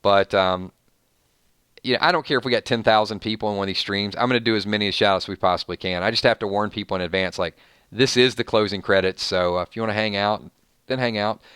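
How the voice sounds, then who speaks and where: A Southern man from Georgia chats loosely on a live stream, reading out viewer names and wandering off into asides with plenty of restarts. His voice is low and smooth. The sound is dry and close. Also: fast, a bit bright, dry recording. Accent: Southern American. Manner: chatty, reads viewer names, rambling restarts. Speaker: streamer host. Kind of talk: casual live-stream chat.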